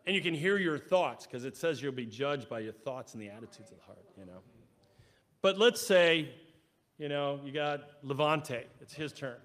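A male pastor preaching a sermon in a church. He is animated, acting out quoted voices and swinging from loud bursts down to quiet asides. His voice sits a little higher than most men's. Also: normal speed. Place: church sanctuary.

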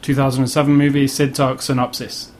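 A man's voice: medium pitch, flat delivery, fairly quick, a little mellow, a little hiss or hum. A man hosting a casual movie podcast, dry and sarcastic, often restarting his sentences. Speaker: podcast host. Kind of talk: casual chat.

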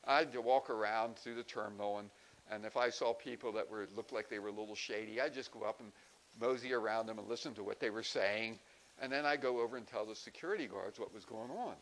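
A man's voice: fairly low pitch, fast, fairly bright tone, poor audio. A man voicing a boastful retired talking dog in a folksy, rambling way.

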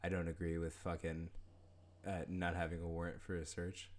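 A man's voice: sits low, monotone, moderate pace. A man co-hosting a podcast in casual chat, rambling and swearing heavily, often laughing. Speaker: podcast co-host.

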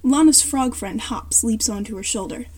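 A woman reads a fan story aloud in a high voice with a dark, mellow tone. Her narration is plain, and she now and then corrects a word partway through. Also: normal speed, husky.

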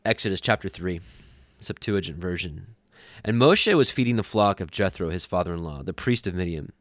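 Man, scripture reading, low voice, steady, self-correcting, dry close sound. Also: normal speed, no room sound. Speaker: scripture reader.

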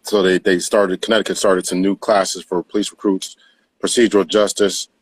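A man in his fifties, a retired police captain, talks about himself as a podcast guest. He speaks in a measured way, with lots of "uh" pauses, in a somewhat low voice. The sound is dry and close. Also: level tone, slightly rough, no room sound. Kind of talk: live podcast interview.

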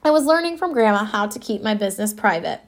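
A woman's voice: mid-range voice, lively intonation, fast talker. A woman reading an audiobook in the first person, with a wistful, wry storytelling manner. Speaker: audiobook narrator. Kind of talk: scripted first-person narration.

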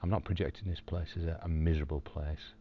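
A man recording a personal video diary from his hospital room, telling a story calmly with dry, wry humour. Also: very deep voice, fast talker, lo-fi sound, a little hiss or hum. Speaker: video diarist in hospital recovery.

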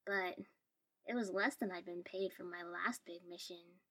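A woman's voice: on the low side, fairly even intonation, measured pace, sharp tone. A woman reading a first-person story aloud in a dry, wry tone. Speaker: story reader.

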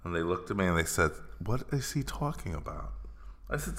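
A man's voice: sits low, fairly quick. A middle-aged man co-hosting a casual podcast, joking and playfully bossy. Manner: joking, animated, playful bossiness. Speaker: podcast co-host. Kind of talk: casual banter.

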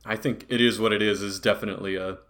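A man's voice: fairly low pitch, fairly even intonation, fast, a bit bright, slight background noise. A man co-hosting a podcast, chatting casually and teasing his friends with frequent laughs. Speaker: podcast co-host. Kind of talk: casual chat.

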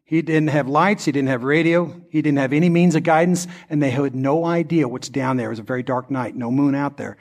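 A man's voice: mid-range voice, brisk, few pauses. A male pastor preaching a sermon that builds into an impassioned altar-call prayer. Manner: impassioned, rising to fervent prayer.

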